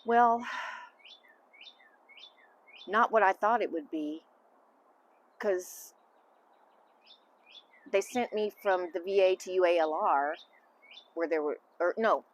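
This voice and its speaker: A middle-aged woman, answering interview questions as a mother in a candid, halting, emotional way. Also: lowish voice. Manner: candid, halting, emotional, trailing off into soft asides. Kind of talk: casual family interview.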